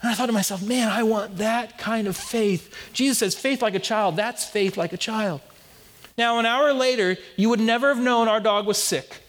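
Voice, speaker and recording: A man's voice: fairly high pitch, long reverb tail. A man in his thirties preaching a sermon as pastor, telling stories earnestly and often restarting his phrases. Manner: earnest storytelling with repeated restarts.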